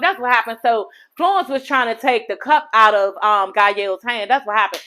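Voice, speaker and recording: A woman's voice: on the high side, moderate pace, pushed and bright. A woman recapping a reality TV episode in a casual vlog, sassy and profane, gossiping animatedly to her viewers.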